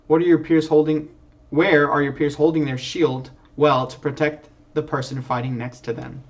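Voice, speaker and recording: A man's voice: on the high side, steady tone, a little fast. A young man, an Air Force sergeant, talking earnestly on a livestream and rambling with restarts and fillers, heard from a distance through a muffled mic. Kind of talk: livestream talk. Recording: distant, dull lo-fi stream audio.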